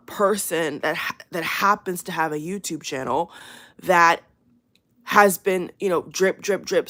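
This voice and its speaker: A channel host speaks directly to her viewers, giving an unscripted, casual warning in a fairly low, sharp voice. She rambles, repeats herself, and uses many fillers. Still, she comes across as emphatic and earnest.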